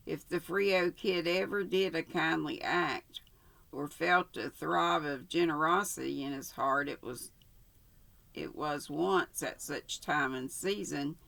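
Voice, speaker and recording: Older woman host, casual story reader, gravelly, unhurried, self-correcting. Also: low-pitched, fairly bright tone. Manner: unhurried, stops to correct herself. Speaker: channel host reading a story. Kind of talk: casual story read-aloud.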